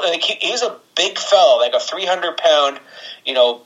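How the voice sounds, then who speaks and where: A man's voice: fairly high pitch, expressive, moderate pace, a bit bright, highs cut off. A man co-hosting a casual podcast, rambling and sarcastic, swearing and laughing as he talks. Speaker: podcast co-host. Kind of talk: casual wrestling podcast chat.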